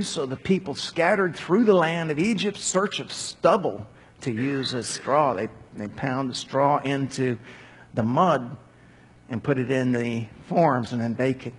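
With a husky, medium-pitched voice and an unhurried pace, a Bible teacher gives casual commentary full of conversational asides and acted-out quotes. The recording carries a long hall reverb.

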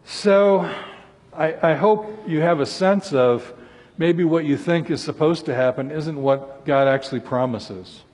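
A man's voice: a little high, measured pace, a little mellow, breathy edge. A male preacher giving an earnest sermon, voicing scripture laments with rising intensity. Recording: long hall reverb.

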